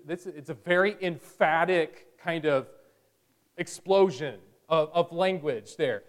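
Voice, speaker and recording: A man's voice: fairly high pitch, big pitch swings, a little slow. A male pastor preaching a sermon in a conversational way, with bursts of energy.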